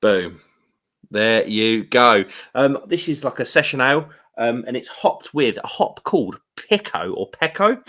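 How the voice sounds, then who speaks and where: A man with a British accent hosting a casual live stream, chatty and rambling, with quick laughs and slangy asides. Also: mid-range voice, expressive, a bit bright. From United Kingdom. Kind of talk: casual live stream chat, reading viewer comments. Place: room at home.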